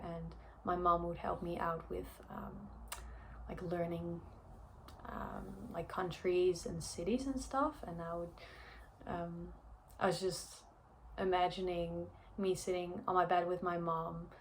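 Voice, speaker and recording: A woman's voice: on the low side, level tone, a little slow, a little hiss or hum. A young woman telling a personal story in a chatty vlog, with lots of fillers and frequent laughs. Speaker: vlogger.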